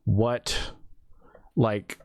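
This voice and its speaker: Low-voiced man telling a lively story. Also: drawn-out words, no echo. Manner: animated storyteller, acts out quotes with laughs. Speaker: podcast co-host. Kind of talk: casual chat.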